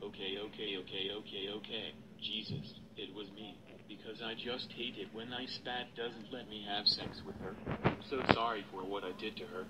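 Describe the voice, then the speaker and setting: A man's voice: fairly low pitch, fairly even intonation, normal speed, a crowd in the background, lightly acted, low-quality recording. A male text-to-speech voice playing a crude, bullying cartoon doll who snarls his lines. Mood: snarling. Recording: loud hiss and background noise.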